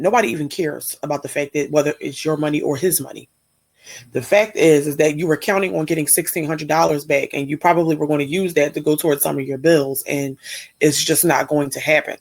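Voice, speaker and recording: A woman's voice: deep voice, darkish tone. A woman from Pennsylvania hosting a reaction channel, giving casual, critical, exasperated commentary.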